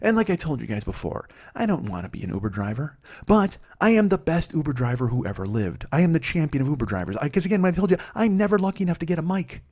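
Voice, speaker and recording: A man's voice: fairly high pitch, big pitch swings, fast talker, a little mellow. A man in his forties from Illinois hosts a comedy podcast, telling rambling, heavily profane, self-mocking stories. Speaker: podcast host. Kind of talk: comedic storytelling monologue.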